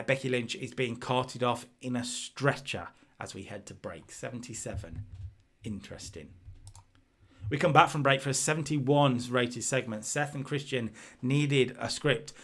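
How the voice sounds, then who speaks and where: A man's voice: mid-range voice, a bit bright. A man casually commentating on his own playthrough of a wrestling management game, chatty and reading out scores as he goes. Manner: chatty, restarts and fillers, reads out scores. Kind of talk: casual let's-play commentary.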